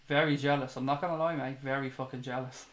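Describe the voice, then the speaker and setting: A man's voice: medium pitch, steady tone, fast. A man from Dublin with an Irish accent, hosting a live fan chat stream, talking straight to viewers, opinionated and swearing freely. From Ireland (Dublin). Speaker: fan channel host.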